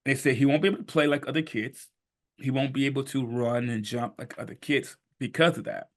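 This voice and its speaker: A man in his fifties telling his life story on a podcast, animated and emphatic, sometimes rising to a shout. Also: mid-range voice, fairly quick. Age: 50s. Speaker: podcast guest. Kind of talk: storytelling in conversation.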